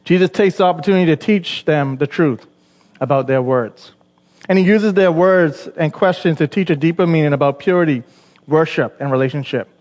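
A man's voice: fairly high pitch, brisk, darkish tone, in a large hall. A Bahamian man preaching a sermon, chatty and conversational, with asides to the congregation. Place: church.

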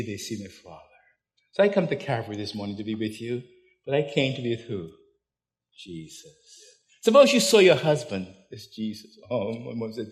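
An older man, preaching a storytelling sermon that swings from loud, laughing anecdotes to hushed intensity. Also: mid-range voice.

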